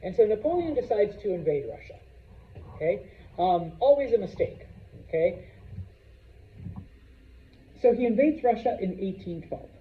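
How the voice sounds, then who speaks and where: A man's voice: high voice, sing-song, normal speed, long pauses. A man teaching a history class in a casual lecture style, with frequent "okay?" check-ins. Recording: roomy, distant, dull classroom recording.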